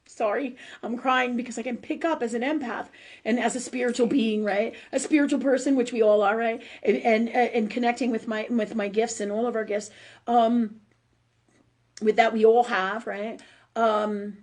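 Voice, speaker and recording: A woman's voice: fairly high pitch, fairly even intonation, moderate pace. A middle-aged woman hosting a live call-in show as a spiritual medium, giving readings in a rambling, emotional way, full of fillers and restarts, and swearing bluntly at times. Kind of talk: casual live-stream readings for viewers.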